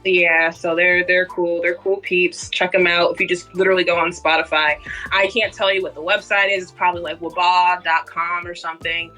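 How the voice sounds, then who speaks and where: A woman co-hosting a late-night podcast chats loosely, rambling and giggling. Her voice sounds bright and forward. Faint music plays underneath. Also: on the low side, flat delivery, fairly quick. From Boston. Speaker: podcast co-host. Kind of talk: casual chat.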